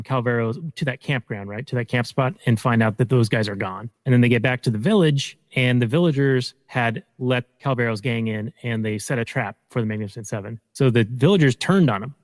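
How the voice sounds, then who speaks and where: Relaxed rambling podcast man. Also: medium pitch, moderate pace, hardly any pauses, no echo, long reverb tail. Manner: relaxed, rambling, many fillers. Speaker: podcast co-host. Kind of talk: casual movie discussion.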